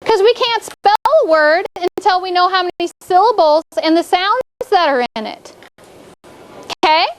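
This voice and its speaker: Woman, elementary teacher, very high voice, encouraging classroom delivery, checks in constantly. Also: expressive, normal speed, slight background noise. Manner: encouraging, checks in with "okay?" often. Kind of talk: classroom spelling lesson.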